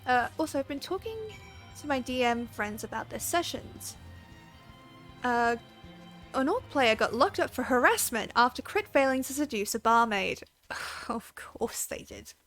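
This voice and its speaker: A woman's voice: high-pitched, lively intonation, moderate pace, a bit bright, soft background music. A woman game streamer chatting casually and giggling, swearing now and then. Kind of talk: casual live-stream chat.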